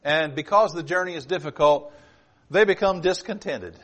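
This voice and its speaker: A man preaching a sermon, moving between loud emphasis and low, hushed asides. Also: moderate pace. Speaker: pastor.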